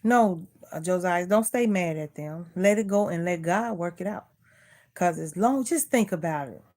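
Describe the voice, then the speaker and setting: A woman's voice: fairly low pitch, moderate pace, a little mellow. A middle-aged woman vlogger in casual chat, earnestly preaching life advice and repeating herself.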